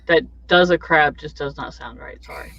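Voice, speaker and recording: A man's voice: fairly high pitch, wildly swooping pitch, normal speed, creaky, pushed and bright. A man chatting casually, telling rambling, folksy stories full of fillers, on a dull home mic. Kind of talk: casual chat.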